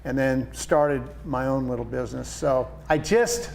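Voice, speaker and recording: A man in his sixties, a painting business owner, chatting as a guest and telling lively stories with quoted voices. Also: medium pitch, unhurried, creaky, slight background noise. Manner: enthusiastic storyteller, animated quoted voices. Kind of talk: casual interview chat.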